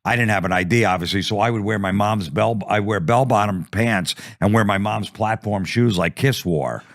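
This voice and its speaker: A man's voice: on the low side, moderate pace, dry recording, clean studio sound. A man telling a profane comic story, acting out the quotes. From New Jersey. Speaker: comedian guest.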